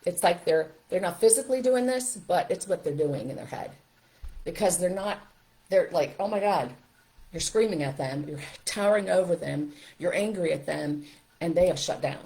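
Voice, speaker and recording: A middle-aged woman giving an emphatic, animated parenting talk on a live stream, speaking straight to parents. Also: lowish voice, moderate pace, creaky, rough recording. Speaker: parenting coach.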